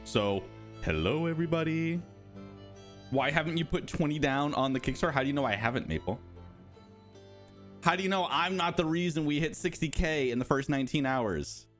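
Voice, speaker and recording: A man's voice: fairly high pitch, expressive, normal speed, fairly bright tone, soft background music. A man in his thirties hosting a casual livestream, playful and chatty, greeting viewers by name and rambling off on asides. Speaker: livestream host for a game studio.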